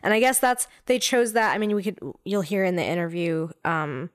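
A woman's voice: mid-range voice, lively intonation, moderate pace, dry recording. Woman cohost chatting about a show, lots of ums and restarts, dead dry mic. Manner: chatty, many fillers and restarts. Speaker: podcast co-host. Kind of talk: casual chat.

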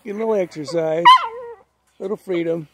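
A man's voice: high-pitched, fairly quick, heavy background noise. A man raising a pig, chatting casually and coaxing the animals in an outdoor farm pen. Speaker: pig raiser. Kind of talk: casual chat while handling animals.

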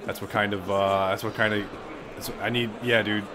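A young man casually commentating a video game, swearing and reacting excitably. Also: fairly low pitch, brisk, background noise. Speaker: gaming commentator. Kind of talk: casual let's-play commentary.

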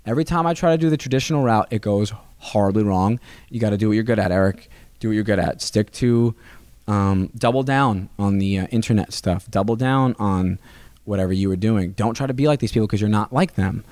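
A man, a stand-up comedian, chatting as a podcast guest in a rambling, animated way with many restarts. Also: lowish voice, brisk, no room sound. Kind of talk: casual interview chat. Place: comedy club.

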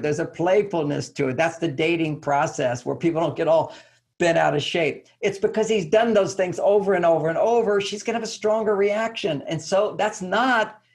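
An older man, a relationship author, giving casual advice in an interview and acting out short exchanges between partners. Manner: animated, acts out little dialogues in higher voices, chuckles often.

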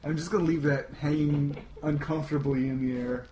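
A man's voice: on the high side, steady tone, fairly quick. A man voice actor joking wryly during a recording session. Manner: wry, joking. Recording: echoey room with audible noise.

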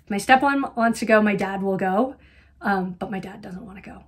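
A woman's voice: medium pitch, normal speed. A middle-aged woman hosting a knitting podcast, chatting casually and rambling with lots of ums and wry asides. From Colorado, USA. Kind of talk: casual chat.

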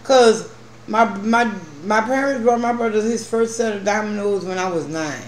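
A man co-hosting a home mukbang, talking in a relaxed and profane way about old times. His voice sits fairly high for a man. The recording carries a roomy echo and faint background noise. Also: normal speed. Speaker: vlog co-host. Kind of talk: casual mukbang chat. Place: at home at a meal table.

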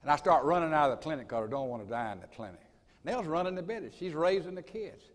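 A man leads a school assembly in a folksy, dramatic manner. His voice sits a little high and moves up and down a lot. The long reverb of a large hall trails after every phrase. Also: expressive, fast. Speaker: college president. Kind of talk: assembly speech with personal storytelling.

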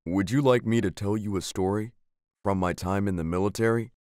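A gentle father and former soldier tells a bedtime story, as a man puts him on. His deep voice is soft and unhurried. The sound is dry and close. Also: clean tone, no room sound, natural voice. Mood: calm.

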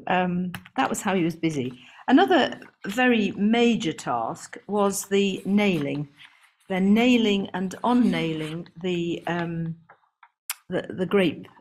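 A woman with a fairly low speaking voice gives a seminar lecture as a garden historian. She talks in a chatty, amused way, with plenty of ums and restarts as she works through long lists. It sounds like a live talk to a room with listeners also joining online.

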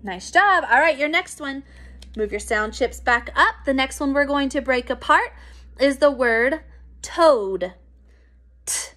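A woman teacher giving a recorded phonics lesson to young children, encouraging and clear. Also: sits high, expressive, pushed and bright. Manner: slow, clear, encouraging classroom pacing.

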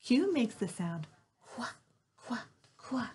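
Her voice on the high side, this teacher works through phonics with young children from her home, voicing letter sounds in a slow, clear, animated sing-song. There's slight background noise.

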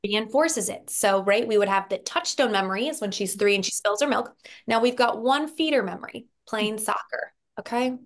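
A woman therapist on a podcast, explaining in a lively conversational way, acting out example voices and often checking in with "right?". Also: mid-range voice, moderate pace. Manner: animated storyteller, acts out quoted voices with frequent "right?". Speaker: therapist guest.

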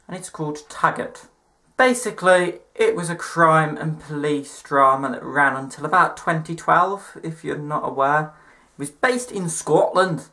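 A young man talks casually to camera, rambling through his topic and tossing in self-mocking asides. His voice is bright and forward, sitting at an ordinary middle pitch for a man. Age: young adult. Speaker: vlogger.

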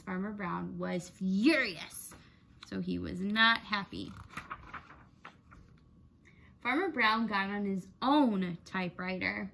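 A woman teacher reading a children's picture book aloud in an expressive storytelling manner. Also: mid-range voice, slow, vocal fry, long pauses.

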